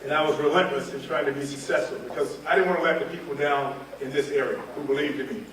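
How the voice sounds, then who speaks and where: A man's voice: medium pitch, quick pace, a little hiss or hum. A man in his fifties from North Carolina, telling humorous stories as a keynote speaker at a reunion. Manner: animated, humorous, acts out scenes. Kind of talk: storytelling speech. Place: large hall at a reunion event. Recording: echoey hall, mic far off.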